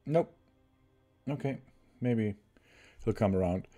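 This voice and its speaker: A man with a lowish, mellow voice reads a story game's text aloud on a live stream. He stumbles and rereads lines, then breaks off to chat with viewers. Faint music plays underneath. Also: animated. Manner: reads haltingly, restarts and rereads lines, chats with viewers in between. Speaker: game streamer. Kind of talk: live game commentary, reading on-screen text aloud.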